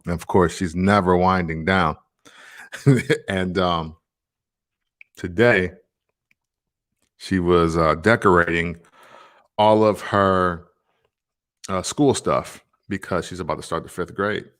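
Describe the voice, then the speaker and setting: A man's voice: sits low, fairly even intonation, slow pace, pauses often, fairly bright tone. A man in his thirties hosting a casual vlog, talking in a laid-back, rambling way with lots of fillers. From Tennessee, USA. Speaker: vlog host.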